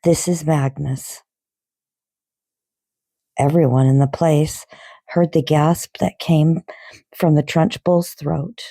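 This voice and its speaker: A woman reading a novel aloud in an expressive, unhurried storybook manner. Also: low-pitched, dry recording, studio quality.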